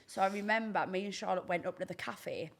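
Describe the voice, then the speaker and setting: A woman hosting a podcast, telling stories in a casual, animated way. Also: mid-range voice, brisk, creaky. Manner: storytelling, animated. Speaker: podcast host. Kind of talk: casual chat.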